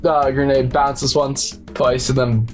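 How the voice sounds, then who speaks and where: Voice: mid-range voice, little pitch movement, takes it slowly, soft background music. A game master narrating a tabletop game, hesitant, with frequent ums, restarts and easy laughter.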